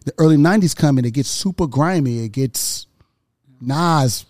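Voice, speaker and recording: A man, hosting a casual chat and telling animated, profane stories full of repeats. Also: on the high side, normal speed, no room sound, clean studio sound. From Houston, Texas.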